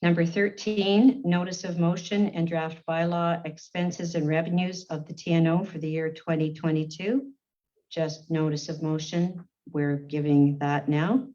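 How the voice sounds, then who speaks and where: A woman serving as warden, chairing a formal council meeting in a brisk, procedural way and calling the roll. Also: sits low, steady tone, mellow. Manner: brisk, procedural, reads names in a roll call. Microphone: meeting-room microphone on a livestream. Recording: dull lo-fi livestream audio.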